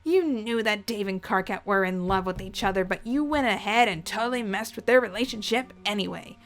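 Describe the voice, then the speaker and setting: A woman's voice: mid-range voice, fairly quick, close to an everyday voice. A woman voicing a stubborn young man who earnestly accuses his family. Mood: accusing.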